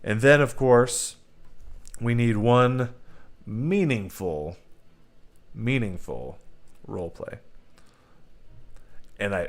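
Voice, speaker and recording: Lively, emphatic man giving game-master advice. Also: mid-range voice. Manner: emphatic, rambling, speaks straight to viewers. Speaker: host teaching game masters. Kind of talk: livestream tabletop game advice.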